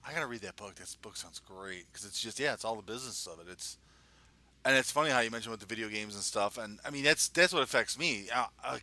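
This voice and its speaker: A man co-hosting a podcast in relaxed casual chat, joking around and swearing freely. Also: on the low side, fast talker. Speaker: podcast co-host.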